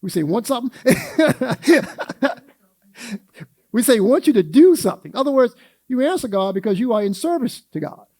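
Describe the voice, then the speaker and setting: High-voiced man teaching Sunday school. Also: big pitch swings, moderate pace, pauses often, darkish tone, dry recording. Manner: folksy, asks the class questions and acts out quotes. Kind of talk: church Sunday school lesson.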